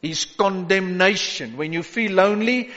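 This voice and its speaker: A man's voice: high-pitched, a little slow, a bit bright. A man preaching a sermon as pastor, urging his listeners with repeated call-outs and rising exhortations. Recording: echoey hall, dull lo-fi sound.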